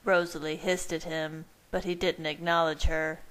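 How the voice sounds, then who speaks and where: A woman reading fan fiction aloud in a steady, even narration. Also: low voice, normal speed. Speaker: reader.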